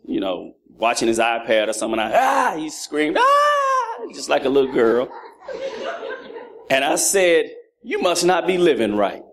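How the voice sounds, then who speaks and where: His voice is mid-range and gravelly as he preaches, a man in his thirties weaving comic family anecdotes about his sons into teaching on fatherhood. He's lively throughout, doing the voices of his children.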